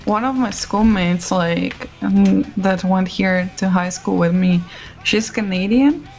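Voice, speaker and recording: A woman talks in a casual, animated way and acts out quoted lines. Her voice has a lot of vocal fry. Faint music sits behind her. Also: medium pitch, takes it slowly, low-quality recording. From Slovenia. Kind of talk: casual chat.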